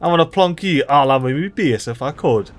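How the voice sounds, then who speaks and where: A man giving excitable, chatty let's play commentary as a gaming channel host, swearing casually. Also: a little high, fairly quick.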